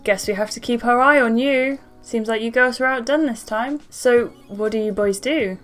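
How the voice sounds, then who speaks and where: A young woman playing a story game, reading its lines aloud and breaking in with excited asides. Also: a little high. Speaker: gaming YouTuber.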